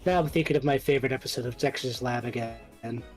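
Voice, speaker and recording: A man's voice: mid-range voice, fast, faint music behind, low-quality recording. A man co-hosting a casual podcast while playing a game, laughing often as he tells stories. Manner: laughs often, lively storytelling. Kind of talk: casual chat over gameplay.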